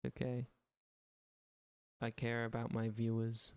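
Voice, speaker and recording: A man's voice: medium pitch, monotone, takes it slowly, creaky, darkish tone, smooth, no room sound. A young Irish man chatting casually on his live stream, rambling, swearing freely and making dry, sarcastic asides. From Ireland. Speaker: livestream gaming host.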